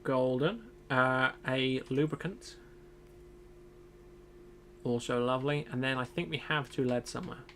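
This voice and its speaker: A man's voice: medium pitch, measured pace, pauses often, fairly bright tone, a little hiss or hum. A young man streaming a survival game, casually thinking aloud as he plays. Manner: thinks aloud, muttering to himself. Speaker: gaming streamer. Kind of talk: casual gameplay commentary.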